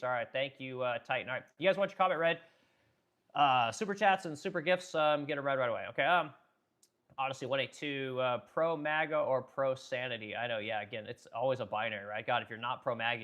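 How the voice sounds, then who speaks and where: A man's voice: mid-range voice, a little fast, fairly bright tone. A middle-aged man hosts a livestream and rants with heat, swearing freely. He circles back to the same points and trips over his own words as he works himself up. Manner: fired-up, swearing, repeats himself, frequent stumbles. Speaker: business owner and livestream host. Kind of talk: heated political rant on a livestream.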